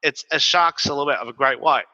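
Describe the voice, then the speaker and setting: A man, co-hosting a podcast and telling stories in a lively, swearing, casual way. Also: mid-range voice, moderate pace. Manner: animated, profane storytelling. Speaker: podcast co-host. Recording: dull, reverberant recording.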